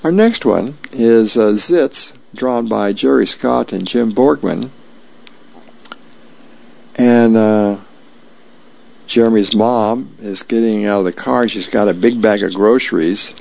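A man reading newspaper comics aloud as a volunteer reader, in a plain, unhurried way with small slips. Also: lowish voice, vocal fry, darkish tone. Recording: dull lo-fi radio recording.

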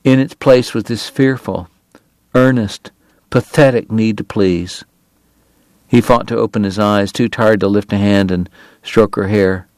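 A man reading a novel aloud in measured, deliberate narration. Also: on the low side, darkish tone, dry recording. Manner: measured, deliberate, pausing on lists. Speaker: audiobook narrator.

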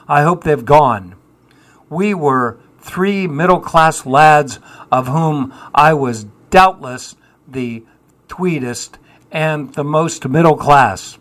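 Older man, 70s, musician guest: slow and deliberate, dry, self-mocking, reflective. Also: mid-range voice, fairly bright tone. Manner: wry, self-deprecating, dry humour. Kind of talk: reflective interview answers.

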